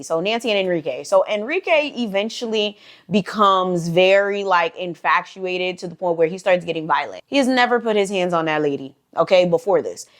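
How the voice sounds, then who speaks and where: A woman hosting a storytime channel, telling a story casually with lots of slang, "like" fillers and swearing. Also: mid-range voice.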